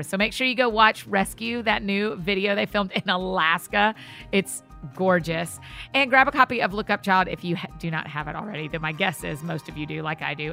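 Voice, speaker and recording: A woman's voice: on the low side, vocal fry, pushed and bright. A woman hosting a podcast, chatty and effusive as she talks to her guest and listeners. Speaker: podcast host. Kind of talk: casual podcast interview and outro.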